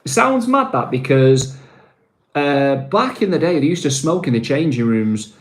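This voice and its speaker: A man's voice: on the high side, expressive, unhurried, roomy sound. A man from Manchester with a Mancunian accent, hosting a casual live stream, rambling with lots of fillers and calling viewers mate. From Manchester, England.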